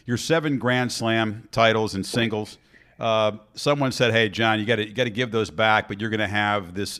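Enthusiastic man interviewer, low voice. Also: a bit bright. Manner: enthusiastic, asks long reflective questions. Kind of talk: casual interview talk.

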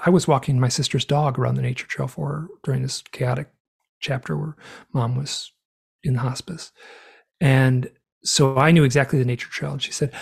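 A middle-aged man, an author being interviewed, telling personal stories in an earnest, animated way and acting out what others said. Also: mid-range voice, normal speed, vocal fry, slightly rough. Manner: earnest, animated storyteller who acts out quotes. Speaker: author and guest. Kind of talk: storytelling interview talk.

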